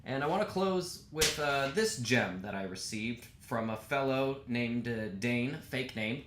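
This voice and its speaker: A young adult male comedian doing a casual monologue to camera, dry and self-deprecating, with filler pauses. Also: medium pitch, lively intonation, a bit bright. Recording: echoey room with faint background hiss.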